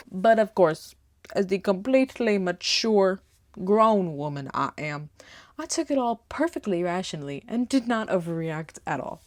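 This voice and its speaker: A young American woman puts on a Southern lilt while dyeing her hair at home, chatting playfully and sarcastically to camera in a casual vlog. Her medium-pitched voice is expressive and measured, recorded with clean studio sound and no echo, with music playing underneath.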